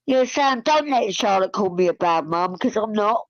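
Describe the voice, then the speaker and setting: A woman's voice: mid-range voice, lively intonation, moderate pace, no room sound. Woman, chatty, on dull audio. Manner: defensive, chatty, laughing. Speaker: panel guest. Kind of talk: casual live panel chat.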